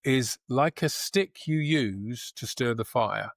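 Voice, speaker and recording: A man as a podcast guest, talking in a thoughtful, measured way with pauses, restarts and a trained actor's diction. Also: mid-range voice, creaky, no echo, studio quality. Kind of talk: reflective conversation.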